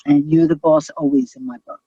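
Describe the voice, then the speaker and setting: Brash, profane New comic woman, middle-aged, husky and dry-voiced. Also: sits low, fairly quick, no room sound, lo-fi sound. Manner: brash, profane, animated storyteller. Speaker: comedian guest. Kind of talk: casual storytelling chat.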